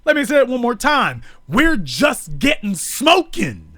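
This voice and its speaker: In an unhurried, fiery live-streamed monologue, a man with a high, bright voice lets his pitch swoop and swing wildly. He pounds every point home with repetitive, preachy build-ups. The sound is close and dry, and there's no room sound.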